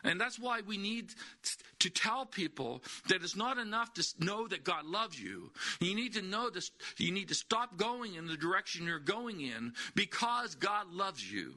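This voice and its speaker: Emphatic male preacher, bright tense voice. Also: sits high, sing-song, moderate pace. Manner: repeats key words, emphatic, with rhetorical questions. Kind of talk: sermon.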